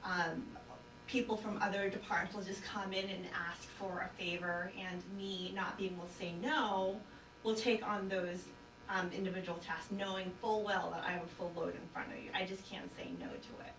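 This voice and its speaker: A woman's voice: medium pitch, steady tone, normal speed. A woman speaking as a hypnosis client in a casual interview, hesitant and full of fillers. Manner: hesitant, many fillers, self-conscious. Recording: roomy, distant mic, noisy background.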